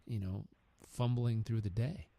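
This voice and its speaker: A man's voice: lowish voice, fairly even intonation, unhurried, creaky, warm tone. A man hosting a podcast interview, talking casually and encouragingly, repeating words for emphasis. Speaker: podcast host.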